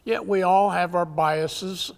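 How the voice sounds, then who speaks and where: A man giving a conference talk, telling jokes in a folksy, halting way, his voice weakened, often clearing his throat. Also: sits high, steady tone. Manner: folksy, halting storyteller with many uhs. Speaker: conference speaker. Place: conference hall. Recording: long hall reverb.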